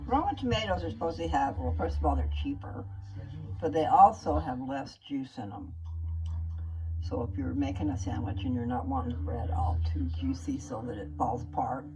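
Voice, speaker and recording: Recorded roughly, this woman has a bass voice and chats folksily with her viewers from her kitchen as a vlogger, frequently pausing to ask "okay?".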